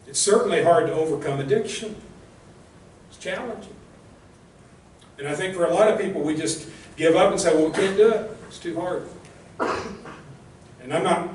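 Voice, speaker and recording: A man's voice: fairly high pitch, a little hiss or hum. A male minister preaching a sermon in an earnest, direct way, often asking the congregation rhetorical questions, recorded in a church. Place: church sanctuary. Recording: echoey church room, mic at a distance.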